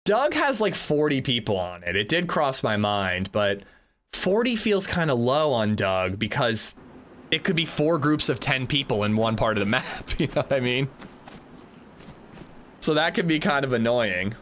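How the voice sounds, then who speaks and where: A bright-voiced man hosts a gaming livestream, chatty and upbeat as he thanks viewers. Faint game sounds play behind him. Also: mid-range voice, very animated, normal speed, a little hiss or hum. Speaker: streamer. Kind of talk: casual livestream gaming chat.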